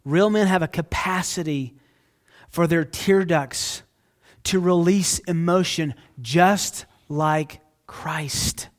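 Higher-voiced man preaching with dynamic swings. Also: slow pace. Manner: dynamic, swings from hushed to loud outbursts; earnest, conversational preaching with asides to listeners. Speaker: pastor. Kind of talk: sermon.

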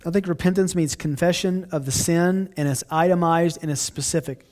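Earnest middle-aged pastor, slightly high voice. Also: male voice, fairly even intonation, moderate pace, darkish tone. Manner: earnest, restarts phrases often. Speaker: pastor answering questions. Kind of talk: casual Q&A talk.

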